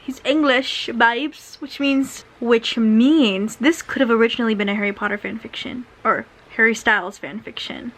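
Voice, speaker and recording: A woman's voice: fairly high pitch, moderate pace, hardly any pauses, fairly bright tone, poor audio. Chatty young woman reviewing a book. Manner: chatty, filler-heavy, sarcastic asides. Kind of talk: casual read-along book review.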